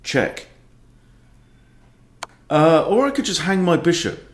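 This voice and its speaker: With a fairly high, very animated voice and a slow delivery, a middle-aged chess coach sighs through exasperated, self-mocking live commentary on his online games. The recording is in an echoey room.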